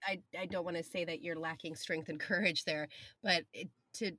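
A woman's voice: lowish voice, steady tone, moderate pace, pushed and bright, no room sound. A woman and parent offering reassurance in candid chat, blunt and casually swearing. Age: adult parent.

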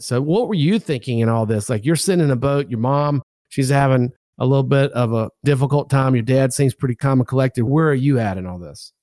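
A man's voice: medium pitch, fairly quick, a little mellow, no room sound, studio quality. A man hosting a podcast interview, reflecting enthusiastically on his guest's story in a casual way. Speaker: podcast host. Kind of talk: interview commentary.

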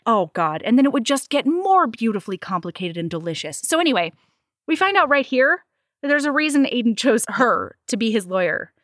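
A woman casually recapping a book in animated, profane chat, acting out the characters' lines as she goes. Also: on the high side, a little fast, no room sound, clean studio sound. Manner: animated, swears freely, acts out characters' lines. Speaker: podcast co-host reviewing a book.

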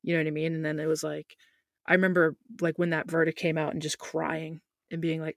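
Young woman guest on a podcast, rambling and animated, lots of "like", dry close mic. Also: low voice, fast talker, vocal fry, dry recording. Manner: animated, talkative, heavy use of "like". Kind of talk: casual chat.

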